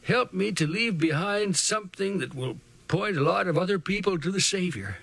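A man reading aloud, voicing a gentle, white-whiskered old man who speaks quietly with a trembling voice. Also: sits high, expressive, vocal fry, dry recording, pitched above the performer's own voice, exaggerated voice. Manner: quiet, slow and earnest.

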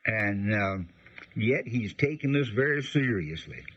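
A man teaching the Bible on the radio in a folksy, unhurried way, explaining with frequent pauses. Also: fairly low pitch, a little hiss or hum. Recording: dull lo-fi radio broadcast.

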